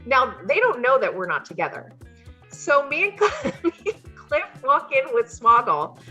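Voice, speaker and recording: A woman's voice: sits high, sing-song, moderate pace, sharp tone, dull audio, faint music behind. A woman telling a funny road story in casual chat, full of fillers and laughter. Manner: chatty, many fillers, laughs while telling. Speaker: wrestler guest.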